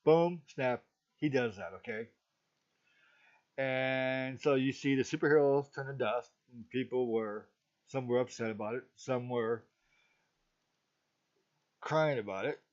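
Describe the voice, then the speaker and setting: A middle-aged man talks slowly and loosely, circling back with little check-ins as he goes. His voice sits at an ordinary middle pitch. The recording is dull and muffled. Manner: rambling, checks in with "okay?" often. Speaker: movie reviewer, vlogger. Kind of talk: casual talk to camera.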